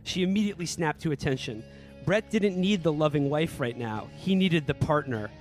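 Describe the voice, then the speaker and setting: A man's voice: a little high, expressive, moderate pace, faint music behind. A man co-hosting a comedy podcast, reading a novel aloud in a mock-earnest tone and breaking into laughter. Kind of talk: comedic dramatic reading with banter.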